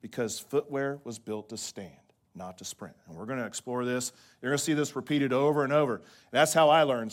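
This mid-range voice belongs to a pastor energetically preaching to his congregation. Every so often he asks "right?", and at times he lowers his voice to a soft hush to stress a point.

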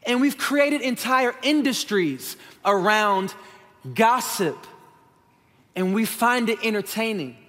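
A male pastor with a fairly high voice delivers a frank, talky sermon in a church sanctuary. His voice trails off into a long hall reverb. He speaks to the congregation directly and casually. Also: lively intonation, slow pace, fairly bright tone. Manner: conversational and candid, addressing the congregation as y'all.

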